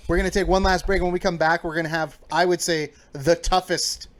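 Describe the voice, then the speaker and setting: A man's voice: on the high side, fairly even intonation, a little fast. A man co-hosting a casual podcast, teasing the others and steering the show along. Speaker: podcast co-host. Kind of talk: casual chat.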